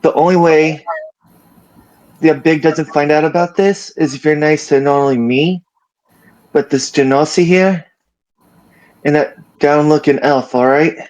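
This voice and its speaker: A man's voice: a little high, fairly even intonation, a little slow, pauses often, darkish tone, lo-fi sound, lightly acted. A man voicing a foul-mouthed, dapper male raccoon with a cane in a tabletop game, talking with brash, cursing swagger. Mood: scheming.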